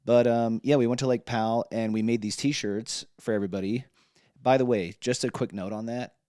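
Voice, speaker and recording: A man's voice: mid-range voice, fairly even intonation, fairly quick, mellow, smooth, no echo, clean studio sound. A man in his thirties co-hosting a casual podcast chat, rambling and jokey, often trailing off and restarting. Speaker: podcast co-host.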